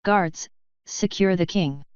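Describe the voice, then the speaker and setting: A woman's voice: fairly low pitch, slow, a little mellow, smooth, no room sound. A woman reading a fierce griffin guard. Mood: curt. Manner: curt, commanding. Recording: dull lo-fi recording.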